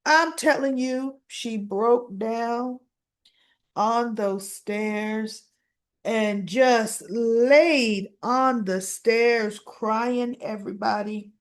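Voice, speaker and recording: A woman's voice: a little high, very slow. A woman recapping a soap opera episode in a casual, chatty way, acting out the characters' lines and laughing often.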